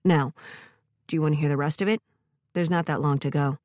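A woman voicing an old grandmother telling a story, complacent and unhurried. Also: sits low, fairly even intonation, darkish tone, dry recording, clean studio sound, natural voice. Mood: calm.

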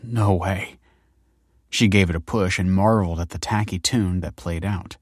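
Deep low guy reading a story aloud, wry and steady, super dry sound. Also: fairly quick, dry recording. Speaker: narrator. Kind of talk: scripted narration.

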